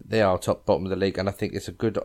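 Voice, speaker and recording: Lower-voiced man hosting a football chat. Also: level tone, racing, a little mellow. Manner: hesitant, filler-heavy, asks guests questions. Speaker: podcast host. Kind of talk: casual football podcast chat.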